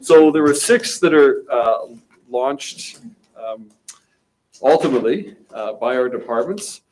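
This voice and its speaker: Measured mayor at a press conference. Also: male voice, medium pitch, lively intonation, darkish tone, a little hiss or hum, rough recording. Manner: measured, restarts and repeats words.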